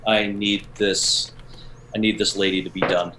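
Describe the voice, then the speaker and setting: Guy playing d&d, slow and unsure, lots of ums. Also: on the low side, flat delivery, noisy background. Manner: hesitant, thinking aloud with fillers. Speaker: player. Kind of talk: casual game play.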